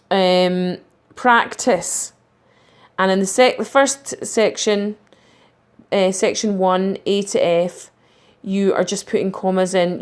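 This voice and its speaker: A woman teacher giving a recorded lesson, talking through punctuation slowly and reading example sentences aloud. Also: medium pitch, darkish tone.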